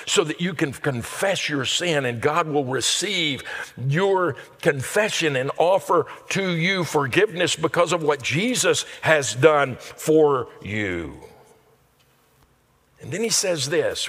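A male pastor delivering a sermon in an earnest preaching manner that builds to loud, emphatic peaks. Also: a little high, husky. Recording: long reverb of a large hall.

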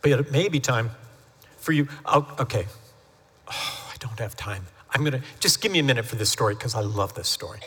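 A man's voice: medium pitch, lively intonation, fairly quick, fairly bright tone, slightly rough. A man preaching a sermon as the family pastor, chatty and storytelling, acting out quoted voices as he goes. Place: church sanctuary. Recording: long hall reverb from a church sanctuary.

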